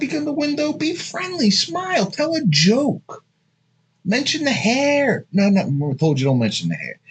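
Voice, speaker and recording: A husky-voiced man in his thirties delivers dating tips in a loose, rambling monologue. His pitch swings widely as he jumps between crude asides and stories. He talks bluntly and casually, like he is chatting with friends. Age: 30s. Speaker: dating advice host.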